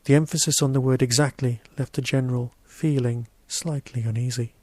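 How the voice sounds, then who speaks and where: A man's voice: medium pitch, steady tone, fairly quick, darkish tone, dry recording. Man reading a short story, dry. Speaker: podcast host reading his story. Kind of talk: audiobook-style story narration.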